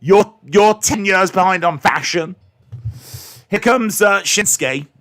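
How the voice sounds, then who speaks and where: A man hosting a live reaction stream, excitably commenting and answering chat questions, his microphone clipping when he gets loud. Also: sits high, slow. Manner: excitable, hums entrance themes, answers chat. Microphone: desk microphone that clips when loud.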